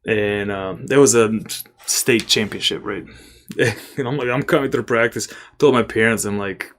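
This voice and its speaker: A young man from Serbia with a Serbian accent, casually telling stories as a podcast guest, animated and swearing now and then. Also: on the low side, moderate pace. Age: young adult. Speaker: podcast guest, former college basketball player. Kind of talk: casual storytelling interview.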